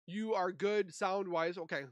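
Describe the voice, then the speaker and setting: A man's voice: high-pitched, steady tone, measured pace, no room sound. A man from Minnesota hosting a casual livestream, chatting and reading viewer comments aloud into a desk mic. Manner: chatty, reads and answers chat aloud. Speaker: livestream host.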